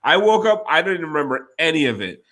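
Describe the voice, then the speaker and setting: Bright-voiced man telling a wild story. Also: fairly high pitch, a little fast. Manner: profane, animated, laughs often. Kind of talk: casual storytelling chat.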